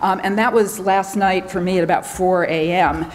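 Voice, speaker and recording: Woman, American accent, rushed conference talk, lots of ums, long hall echo, faint room hum. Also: fairly low pitch, fairly even intonation. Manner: hurried, talking fast with many fillers and restarts. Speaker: conference speaker.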